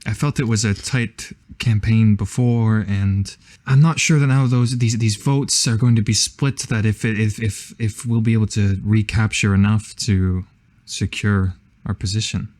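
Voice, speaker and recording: A man's voice: fairly low pitch, fairly even intonation, normal speed, darkish tone, lightly acted. A man playing a formal, scheming schoolgirl campaign manager who speaks in a stilted, fretful way.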